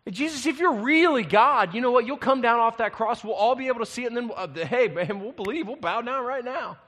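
Brief: man playing a jeering, sarcastic religious leader, high and loud, reverberant hall. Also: brisk. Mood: mocking. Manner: mocking, sing-song, loud. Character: jeering crowd of male religious leaders, scornful.

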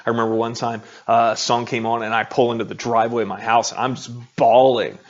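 A man's voice: medium pitch, little pitch movement, quick pace, dull audio. A middle-aged man preaching a sermon as a pastor, talking in a conversational, confessional way with frequent rhetorical asides.

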